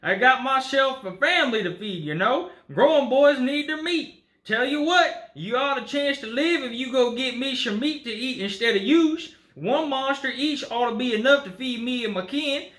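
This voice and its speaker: A man's voice: very high voice, animated, normal speed, sharp tone, roomy sound, pitched above the performer's own voice, full character voice. A man putting on a hungry hillbilly cannibal. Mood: gleeful menace. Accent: put-on Southern hillbilly. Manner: folksy, drawling, gleeful menace. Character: hungry old male hillbilly cannibal captor.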